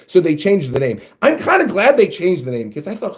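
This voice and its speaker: A man hosting a casual reaction, thinking out loud as he reads panels aloud. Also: a little high, sing-song, quick pace, hardly any pauses. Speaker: manga reaction host.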